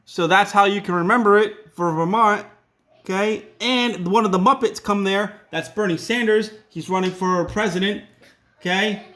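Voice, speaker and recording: A man's voice: high-pitched, fairly even intonation, moderate pace, fairly bright tone. A man with a Rhode Island accent teaching a casual classroom lesson, chatty and full of joking asides.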